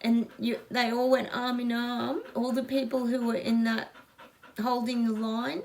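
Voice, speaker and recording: The speaker is a middle-aged Australian psychic host chatting with viewers in a casual reading, gushing, emphatic, and prone to emotion. Her voice is on the high side, her delivery flat, and her pace measured, with slight background noise.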